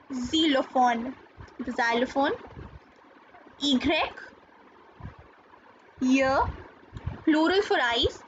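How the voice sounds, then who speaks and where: A woman gives a patient, unhurried lesson in a high voice, saying each word and then repeating it. She spells things out carefully. The recording is dull and lo-fi with a faint hiss behind her. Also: a bit bright. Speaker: French teacher. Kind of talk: slow classroom explanation.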